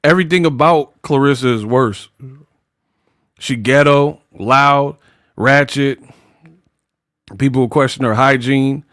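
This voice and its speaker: A man's voice: medium pitch, slow, pauses often, a bit bright, no echo, clean studio sound. Slangy mocking boxing commentator man.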